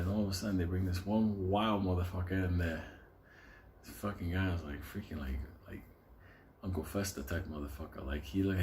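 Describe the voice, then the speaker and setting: A man's voice: low-pitched, warm tone, a little hiss or hum. A man telling a casual neighborhood story with heavy profanity, rambling asides and frequent laughter. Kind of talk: casual anecdote.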